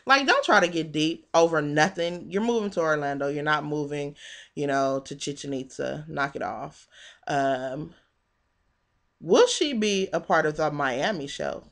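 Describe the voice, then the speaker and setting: A woman with a somewhat low voice gives a sassy, animated recap of a reality show, as if chatting with friends. She laughs often and throws out rhetorical questions. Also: moderate pace. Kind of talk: casual commentary.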